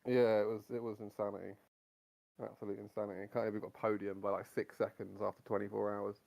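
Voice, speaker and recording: A man's voice: on the low side, level tone, quick pace, gravelly, a little mellow. A man chatting as a sim racing teammate, rambling and blunt, swearing freely. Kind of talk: casual chat.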